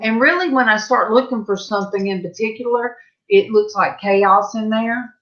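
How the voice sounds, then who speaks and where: A woman's voice: a little high, moderate pace. A woman on a panel chat over a video call, rambling casually. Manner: rambling, meandering. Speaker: panel guest. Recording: dull lo-fi webcam audio.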